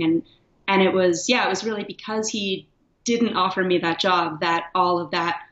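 A woman's voice: on the low side, fairly even intonation, moderate pace, a bit bright. Candid woman in an echoey room. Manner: candid, reflective, laughs often. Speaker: guest, writer. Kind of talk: casual interview. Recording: echoey, dull lo-fi sound.

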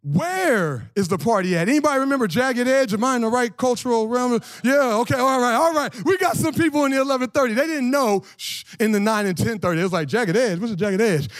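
Male pastor in his 40s, very high voice, dry close sound, casual slangy sermon. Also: fast talker, no room sound. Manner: animated, slangy, asks the congregation questions. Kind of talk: lively conversational sermon.

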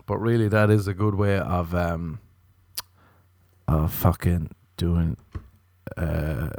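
A man's voice: low voice, level tone, slow, vocal fry, a little mellow, no echo, clean studio sound. A young Irish man hosting a podcast, rambling and swearing in a casual comic monologue, often slipping into playful quoted voices. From Ireland. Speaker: podcast host.

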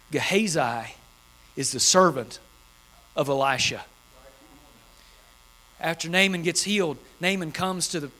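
A man's voice: fairly high pitch, sharp tone. A man preaching an impassioned sermon, driving home key phrases by repeating them. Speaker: pastor.

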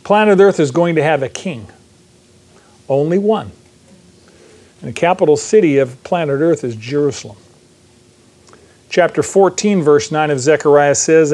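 A man's voice: on the high side, expressive, moderate pace, pauses often, a little mellow. A man preaching a sermon as pastor, mixing scripture reading with conversational, joking asides to the congregation.

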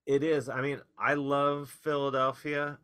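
A man, a comedian guest, telling rambling, wry stories in casual podcast chat with animated outbursts. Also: medium pitch, a little slow, clear, resonant tone.

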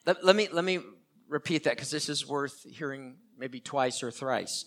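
A man's voice: mid-range voice, normal speed, a bit bright. An older man preaching a sermon as pastor, earnest and repeating key phrases for emphasis.

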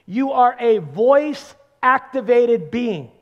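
High voiced guy preaching a sermon, punchy, repeats words, goes loud then quiet. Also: animated, slow, dull audio. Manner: emphatic, repeats words for stress, swings between loud and hushed.

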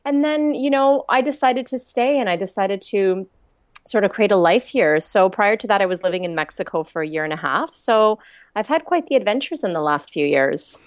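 A woman's voice: mid-range voice, animated, moderate pace, no room sound. Chatty Canadian woman, dry close sound. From Toronto, Canada. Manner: chatty and warm, laughs often, many fillers. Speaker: guest, life coach. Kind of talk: casual interview chat.

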